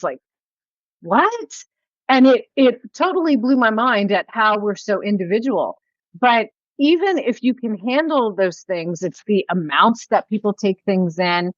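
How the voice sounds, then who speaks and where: A woman hosting a podcast interview, talking in an animated, rambling way with casual swearing. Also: mid-range voice, measured pace, no echo. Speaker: podcast host. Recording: dull lo-fi audio.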